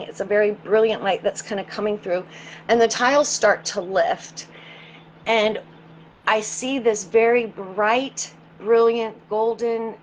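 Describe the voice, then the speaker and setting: A woman guest in an interview, telling a personal story in an earnest, halting way and often repeating words as she searches for them. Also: mid-range voice, a little hiss or hum, rough recording.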